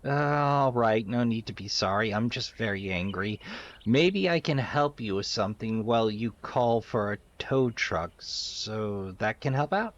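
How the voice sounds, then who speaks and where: A man's voice: fairly low pitch, expressive, unhurried, highs cut off. A man voicing an angry young woman stranded by her wrecked car, reading game dialogue bluntly and swearing. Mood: grudging.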